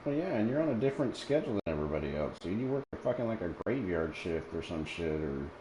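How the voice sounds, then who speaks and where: A man's voice: low-pitched, big pitch swings, quick pace, dark tone, slight background noise, low-quality recording. A man chatting casually while playing a video game with a friend, blunt and swearing constantly as he rambles. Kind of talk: casual chat over gameplay.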